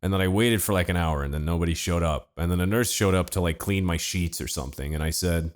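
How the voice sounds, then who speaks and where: Young adult man, very low voice, deadpan comic storyteller on a podcast. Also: fast, few pauses. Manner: deadpan, laid-back storytelling with wry asides. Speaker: podcast co-host. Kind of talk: casual comedic storytelling.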